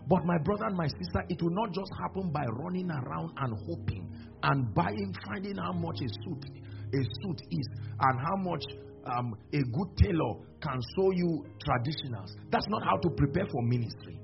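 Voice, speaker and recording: At a church service, a man with a fairly high, vocal-fried voice preaches at normal speed, animatedly acting out dialogues as he goes. The recording is dull and lo-fi, with music playing behind him.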